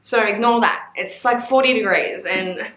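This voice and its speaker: A woman's voice: medium pitch, moderate pace, fairly bright tone, roomy sound. A woman in her twenties with an Australian accent, chatting casually about books, gushing and swearing freely. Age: 20s. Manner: gushing and sweary, with playful swooning asides. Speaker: book vlogger. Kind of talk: casual chat.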